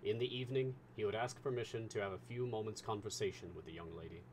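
A man reading a classic novel aloud as a storyteller, with measured, expressive narration. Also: on the low side, a little hiss or hum.

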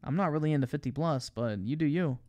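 A man's voice: fairly high pitch, fast talker, a little mellow, no room sound. Crude, profane young male streamer. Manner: crude, profane, laughing, mocking. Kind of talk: casual reaction commentary.

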